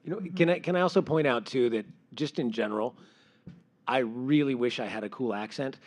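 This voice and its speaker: A man's voice: medium pitch, a little fast. A male comedian on a convention panel, telling stories and acting out quoted lines. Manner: animated storyteller, acts out quoted lines. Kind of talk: panel discussion.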